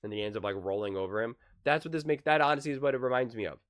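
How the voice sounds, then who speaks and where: A man's voice: medium pitch, very fast. A man hosting a casual basketball opinion vlog, talking with analogies and acting out quotes. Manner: lively, with acted-out quotes and analogies. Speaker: basketball commentary host.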